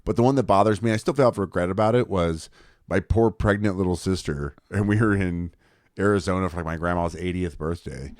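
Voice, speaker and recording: Brief: young male podcast co-host, fairly low voice, dry close sound, loose storytelling with lots of fillers. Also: fairly quick, darkish tone, no echo. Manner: rambling, filler-heavy storytelling with acted quotes. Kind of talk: casual storytelling chat.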